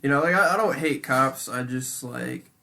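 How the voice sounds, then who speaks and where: Young man, gravelly, casual chat, heated, lots of fillers, profane. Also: medium pitch, normal speed, bright, forceful tone, a little hiss or hum. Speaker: podcast co-host.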